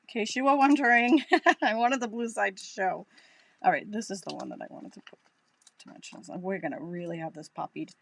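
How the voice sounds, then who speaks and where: Upbeat and talkative, the craft demonstrator with the Boston accent narrates her live project as she goes, in a mid-range voice with vocal fry and a fairly quick pace.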